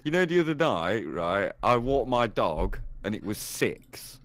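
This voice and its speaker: A man in his thirties co-hosting a casual gaming podcast, chatting with animated swearing and laughs. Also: lowish voice, unhurried. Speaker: podcast co-host.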